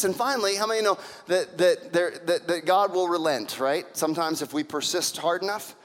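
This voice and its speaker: High-voiced man preaching in a reverberant hall. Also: fairly quick, hardly any pauses. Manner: animated storytelling with acted-out voices. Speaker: pastor. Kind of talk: sermon.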